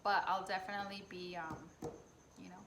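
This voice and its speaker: A woman's voice: lowish voice, steady tone, fairly quick, a bit bright. A woman hosting a casual beer tasting chat, talking loosely with lots of fillers. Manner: chatty, hesitant with fillers. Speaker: host. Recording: echoey room with background noise.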